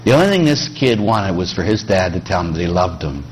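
A man's voice: low voice, a little fast, slight background noise. A middle-aged man from Pittsburgh, a priest preaching a sermon with jokes, acting out quoted voices. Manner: animated, joking, acts out quoted voices.

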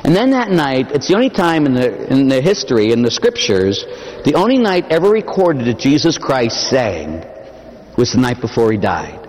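A man's voice: mid-range voice, sing-song, normal speed. Impassioned male preacher in a reverberant church. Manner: dramatic, impassioned preaching with sudden swells to shouting and drops to near-whisper. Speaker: Catholic priest. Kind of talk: sermon. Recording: long hall reverb.

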